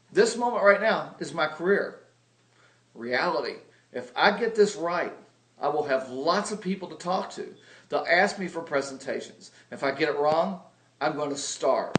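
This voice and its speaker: A man's voice: fairly high pitch, roomy sound. A man giving a humorous, self-deprecating sales lesson, telling stories with comic exaggeration. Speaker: video blogger teaching sales.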